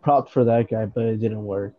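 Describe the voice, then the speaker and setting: A man's voice: fairly low pitch, steady tone, moderate pace. Young guy on a podcast, swears a lot, muffled lo-fi audio. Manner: blunt, swearing, restless. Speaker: podcast co-host. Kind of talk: casual chat. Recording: dull lo-fi recording.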